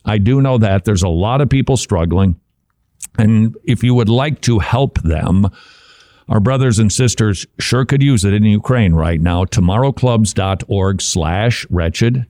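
With a lowish, mellow voice, a Christian talk show host chats in a wry, conversational way, dropping asides and chuckling as he goes. There is no room sound.

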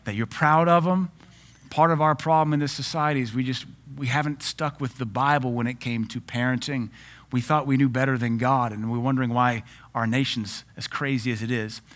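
A pastor in his forties delivering a sermon, mid-pitched and conversational. He preaches in a lively, joking way, laughing often as he makes his points.

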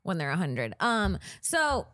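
A woman comedian and podcast co-host, telling a story in casual chat, animated and full of "like". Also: fairly low pitch, unhurried, no room sound, clean studio sound. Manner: animated storyteller, heavy use of "like".

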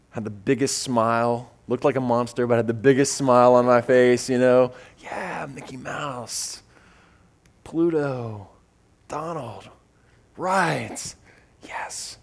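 A man preaching a sermon, animated and repeating phrases as he builds, acting out voices when he tells personal stories. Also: mid-range voice, smooth. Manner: acts out voices in his stories. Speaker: pastor.

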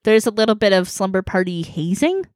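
A woman's voice: medium pitch, sing-song, brisk, a little mellow, no echo, clean studio sound. A woman co-hosting a podcast, chatting casually with friends and laughing often. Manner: giggly and playful. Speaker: podcast co-host. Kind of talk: casual chat among friends.

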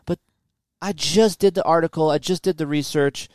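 A man in his forties co-hosting a podcast, telling his story in a casual, animated and impatient way, with many restarts. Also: on the high side, normal speed, dry recording, clean studio sound. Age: 40s. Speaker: podcast co-host. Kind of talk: casual chat.

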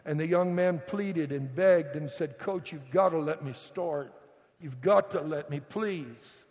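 A male pastor preaches to his congregation in a fairly high voice. He tells his story with dramatic swings, dropping to a hush and rising to a shout. His voice rings out with a long reverb through the church sanctuary. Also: unhurried. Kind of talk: sermon.

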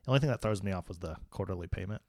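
A man co-hosting a casual podcast, talking in a quick, easygoing way with short agreeing replies. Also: low voice, darkish tone, no room sound, studio quality. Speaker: podcast co-host. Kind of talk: casual chat.

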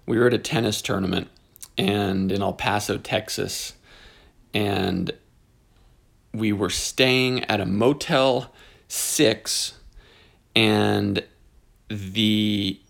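Gravelly podcast guy in his 40s, goofy and rambly, a bit husky. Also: on the low side, slow, long pauses. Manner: animated, jokey, wandering into tangents. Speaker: podcast host. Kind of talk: casual rambling podcast monologue.

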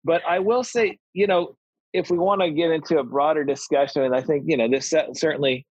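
Wry guy chatting casually, bit high and husky, dull dry sound. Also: a little fast, no room sound. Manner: wry, storytelling, many fillers. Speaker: podcast co-host, parent. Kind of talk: casual chat.

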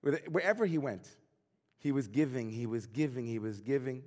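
A man's voice: mid-range voice, expressive, moderate pace, darkish tone, long reverb tail. A man who is a rabbi, delivering an earnest, reflective sermon full of searching questions.

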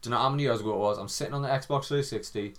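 A man's voice: medium pitch, racing. A man co-hosting a podcast, chatting casually, sweary, jokey and rambling. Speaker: podcast co-host. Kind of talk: casual banter.

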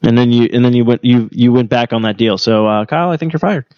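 A man's voice: medium pitch, fast talker, no room sound, dull audio. A man hosting a podcast, joking and teasing in casual chat with many fillers. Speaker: podcast host.

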